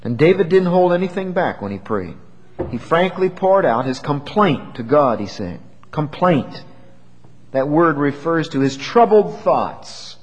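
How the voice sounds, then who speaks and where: Man, preacher, earnest sermon, lively rising and falling voice, fairly high, long hall reverb. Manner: earnest, measured, with rhetorical questions.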